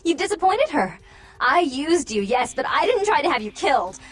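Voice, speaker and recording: A woman's voice: high voice, very animated, normal speed. A woman voicing an unstable young vampire woman in a video game, with a theatrical, teasing and menacing delivery. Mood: scornful.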